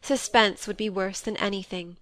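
A woman's voice: medium pitch, steady tone, normal speed, a bit bright, no echo. Woman reading a novel aloud, dry. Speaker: audiobook narrator. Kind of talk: scripted narration.

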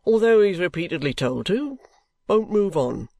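Stiff, unmoved police constable, voiced by a male reader: firm, measured, a touch raised. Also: sits high, very animated, gravelly, darkish tone, no room sound, studio quality, pitched above the performer's own voice, full character voice. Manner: firm, measured, repeating himself. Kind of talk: audiobook character voice.

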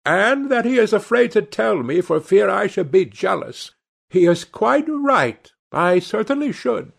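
A man's voice: high voice, big pitch swings, a little slow, creaky, pitched above the performer's own voice, full character voice. A man reading aloud and voicing a gossipy, teasing old society hostess with a raised, exclamatory voice.

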